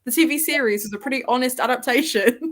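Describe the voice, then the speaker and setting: A woman's voice: high-pitched, fast, a bit bright. A woman hosting a livestream, chatting casually about books and films and laughing often. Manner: chatty, laughs often, reads out viewer comments. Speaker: livestream host. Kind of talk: casual chat.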